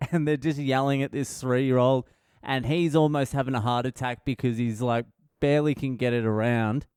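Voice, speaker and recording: A man's voice: mid-range voice, fairly even intonation, moderate pace, long pauses, a little mellow, clear, resonant tone, no room sound. Middle-aged Australian male podcaster, crude and rambling, clean close voice, no room sound. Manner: profane, blunt, rambling. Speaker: podcast host. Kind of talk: casual storytelling monologue.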